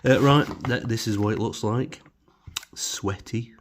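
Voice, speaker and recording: A man's voice: fairly low pitch, moderate pace. A man casually reviewing supermarket food in his home kitchen, rambling with many fillers and wry asides.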